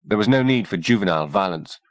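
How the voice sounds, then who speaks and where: A man's voice: on the low side, lively intonation, fast talker, no room sound, close to an everyday voice. A man voicing a cool, poised woman doctor. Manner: cool, slightly mocking, composed.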